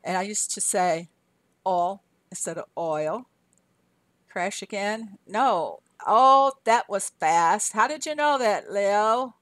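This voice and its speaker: An older woman from the American South talks with a Southern accent in a relaxed live-stream chat. She rambles, laughs often and answers her viewers aloud. Her voice sits in a middling range and sounds dry and close, with no room around it. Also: mid-range voice, slow pace, dry recording. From Southern US, Arkansas. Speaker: game streamer.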